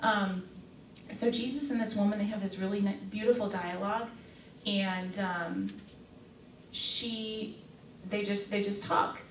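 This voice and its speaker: Speaking to young women in a casual faith talk, a woman tells a story chattily, full of fillers. Her medium-pitched voice keeps a fairly even intonation at a measured pace, with frequent pauses. The mic is far off in an echoey room, and there's slight background noise.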